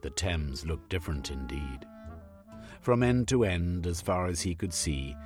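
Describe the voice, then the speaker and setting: A man reading a story aloud as narrator in a measured, expressive way. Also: deep voice.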